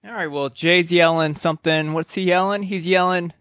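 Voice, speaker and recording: A man's voice: high-pitched, fairly even intonation, normal speed, fairly bright tone, clear, resonant tone, no room sound, clean studio sound. A man co-hosting a casual podcast, calling a joke wrestling match in a laid-back, chuckling way. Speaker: co-host. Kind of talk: casual play-by-play banter.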